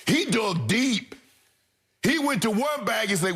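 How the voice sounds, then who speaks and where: Emphatic high-voiced male sports pundit. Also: lively intonation, moderate pace, a bit bright, breathy edge. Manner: emphatic, preachy, addresses co-host directly. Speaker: sports debate show co-host. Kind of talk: heated opinion commentary.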